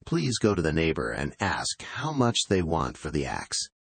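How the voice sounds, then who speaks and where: A man's voice: extremely low pitch, wildly swooping pitch, moderate pace, creaky, fairly bright tone, husky, dry recording, voice pushed down, exaggerated voice. A man voicing a firm, earnest young male student in a storybook reading. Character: stubborn young male student, clever son.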